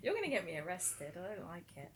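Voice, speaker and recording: A woman's voice: lowish voice, huge pitch swings, fast talker. A woman, a podcast co-host, chatting casually, teasing the others and laughing often, with some swearing. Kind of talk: casual chat.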